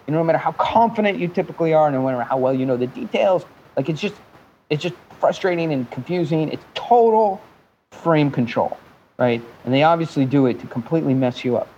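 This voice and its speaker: A man guest telling an animated, joking business story with some profanity, now and then slipping into mimicked accents. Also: on the high side, a little fast, muffled recording, a little hiss or hum. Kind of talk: animated storytelling in a podcast interview.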